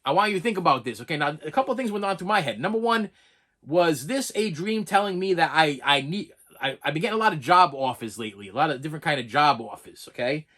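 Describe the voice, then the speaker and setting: A middle-aged man hosting his own channel, telling a long story in an excitable, repetitive way and talking straight to his viewers. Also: a little high, quick pace. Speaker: channel host. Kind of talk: rambling storytelling vlog.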